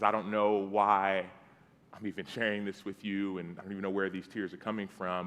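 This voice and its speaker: A man in his thirties preaching a conversational storytelling sermon. He acts out the dialogue and drops to soft tones. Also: fairly low pitch. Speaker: guest preacher. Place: church sanctuary. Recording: long hall reverb.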